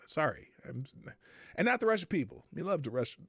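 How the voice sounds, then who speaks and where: A man hosting a live political commentary show, animated, sarcastic and profane as he reads out the news. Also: on the high side, fairly quick, creaky, breathy edge, no echo. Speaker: host.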